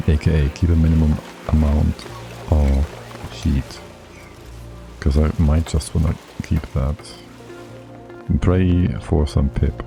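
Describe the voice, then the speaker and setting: A man's voice: a bass voice, level tone, slow, gravelly, long pauses, music in the background. A man giving casual, chatty livestream commentary on a game, thinking aloud and laughing often. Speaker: streamer.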